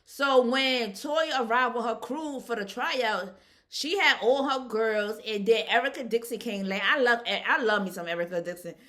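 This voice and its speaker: A woman giving a casual, animated recap of a reality show episode, chatting colloquially and laughing often. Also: fairly high pitch, moderate pace.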